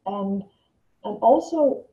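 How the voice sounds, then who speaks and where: Here a woman vlogger tells a casual personal story to camera, her medium-pitched voice mellow and animated as she takes it slowly. The telling rambles, with frequent restarts and repeated words. It's recorded with a roomy, distant, dull lo-fi sound that leaves her echoey.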